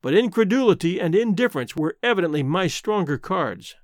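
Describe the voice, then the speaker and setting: A man narrating a novel as an audiobook, in a measured, expressive storytelling manner. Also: sits high, no echo, studio quality. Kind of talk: scripted narration.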